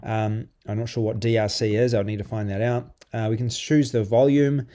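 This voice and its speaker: A man giving a loose, conversational walkthrough of a piece of software, full of ums and restarts as he clicks along. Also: fairly low pitch, fairly even intonation, moderate pace. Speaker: software reviewer. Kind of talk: casual screen-recorded software walkthrough.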